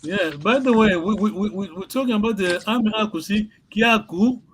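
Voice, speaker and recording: A man teaching a language class on a video call, patient and halting, often repeating words and laughing. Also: sits high, background noise.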